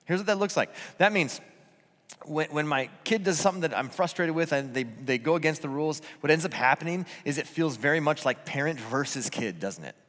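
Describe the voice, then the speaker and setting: A man with a fairly high voice preaches a relaxed, conversational sermon, earnest and self-deprecating, stumbling and restarting now and then. His voice rings with the long reverb of a church auditorium. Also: fairly quick. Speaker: pastor.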